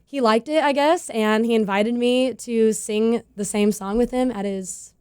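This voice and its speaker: Bubbly young woman, high voice. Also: a little slow, a little mellow, clear, resonant tone. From California. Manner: bubbly, laughs often, acts out quoted voices. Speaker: country singer-songwriter guest. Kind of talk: casual interview chat.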